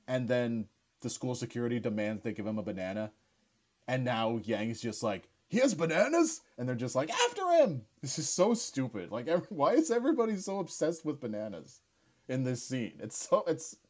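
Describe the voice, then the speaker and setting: A man's voice: mid-range voice, darkish tone. A young man chatting casually as he rewatches his own series, stammering, restarting and laughing easily.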